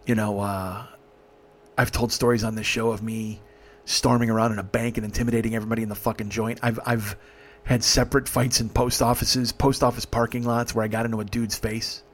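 A man's voice: lowish voice, little pitch movement, a little fast. A middle-aged man hosting a podcast, telling a story emphatically with heavy swearing. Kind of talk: profane storytelling monologue.

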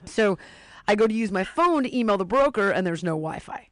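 A woman's voice: mid-range voice, lively intonation, fairly quick, dry recording. A woman in casual chat, telling a long story and acting out the voices of the people in it.

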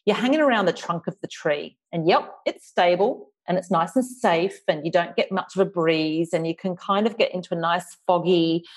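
A woman's voice: fairly low pitch, normal speed, hardly any pauses. A woman with an Australian accent and a slight lisp, speaking thoughtfully as an author guest in an interview. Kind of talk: reflective podcast interview.

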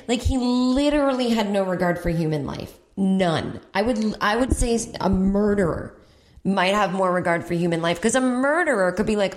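A woman comedian and podcast host telling a comedic story, animated and acting out voices with big jumps in pitch. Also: moderate pace, roomy sound. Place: home in Brooklyn.

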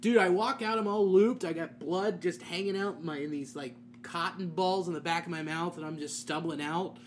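A man's voice: on the high side, normal speed, a little hiss or hum. Profane storytelling man in his thirties. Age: 30s. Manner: profane, animated storytelling with acted-out voices. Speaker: podcast co-host, comedian. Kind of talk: casual storytelling chat.

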